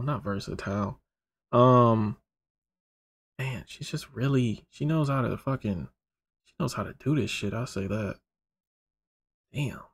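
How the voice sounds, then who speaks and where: A man's voice: lowish voice, vocal fry. A man, rambling and swearing casually as he reacts to music videos and jokes with his viewers. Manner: rambling, profane, joking with viewers.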